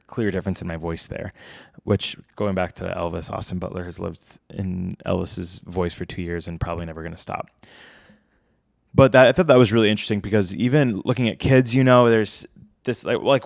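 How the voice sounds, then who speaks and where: A man's voice: medium pitch, no room sound, clean studio sound. A young adult man hosting a casual solo podcast, chatty and conversational, with frequent fillers. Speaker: podcast host.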